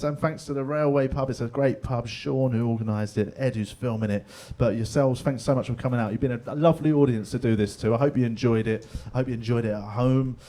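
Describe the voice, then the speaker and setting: A middle-aged Londoner does stand-up on a pub stage before a live audience, chatty and swearing, slipping into other people's voices. His voice is medium-pitched with a darkish tone.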